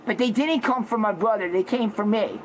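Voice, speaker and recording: A man telling a story loudly and dramatically, acting out shouts and growls. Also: sits high, normal speed, a little hiss or hum, poor audio. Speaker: social media personality. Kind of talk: animated storytelling.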